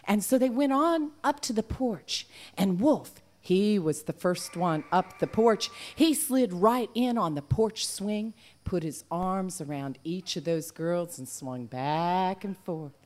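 A woman telling a folk tale aloud to a live audience in an animated, folksy way. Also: fairly low pitch, slow. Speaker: storyteller. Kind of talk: live oral storytelling.

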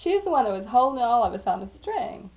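A woman's voice: on the high side, quick pace. Woman telling a story over a tinny line. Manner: animated, laughs often, acts out quoted people. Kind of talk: casual spoken storytelling. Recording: tinny phone-like recording.

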